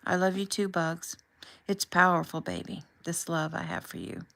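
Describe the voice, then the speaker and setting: Woman voicing a soft-spoken young soldier. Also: on the low side, big pitch swings, moderate pace, gravelly, exaggerated voice. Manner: soft, quiet, affectionate. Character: young man, soldier on deployment, tender.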